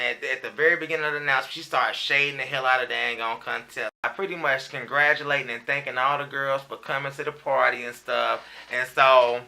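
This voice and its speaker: Bright-voiced man gossiping through a TV recap. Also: medium pitch, a little hiss or hum. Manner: chatty, profane, gossipy, frequent "dang on" filler. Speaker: reality TV recap vlogger. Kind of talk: casual TV episode review.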